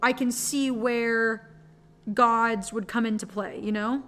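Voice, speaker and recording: A woman's voice: a little high, fairly even intonation, slow pace, fairly bright tone, soft background music. A young woman streamer chatting casually while playing a game, swearing freely and rambling through stories.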